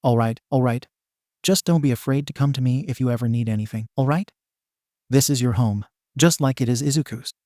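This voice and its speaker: Brief: caring storybook mom, read by a man, soft and soothing, dry close sound. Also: mid-range voice, fairly quick, no echo, natural voice. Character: gentle caring adoptive mother.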